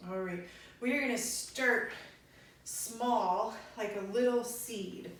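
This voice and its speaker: A woman with a fairly high voice leads a kids yoga class, giving gentle cues at an unhurried pace. She sounds far from the mic in a very echoey room with faint background noise. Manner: gentle, slow spoken cues.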